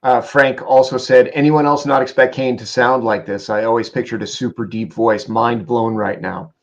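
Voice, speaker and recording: Gravelly man reading viewer questions. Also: medium pitch, fairly even intonation, muffled recording. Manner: reads out chat comments with quick asides and chuckles. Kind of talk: casual livestream chat.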